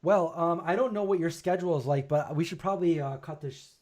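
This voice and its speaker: A man's voice: fairly high pitch, a little fast, crowd noise. Rambling, exclamatory man hosting a chat. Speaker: show host. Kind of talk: casual livestream chat.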